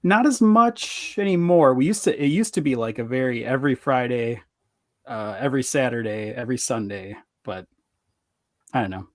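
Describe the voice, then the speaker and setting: A man's voice: mid-range voice, lively intonation, normal speed, dry recording. A man co-hosting a podcast, chatting casually and throwing in dry jokes. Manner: joking, dry asides. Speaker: podcast co-host. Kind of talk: casual live-stream chat.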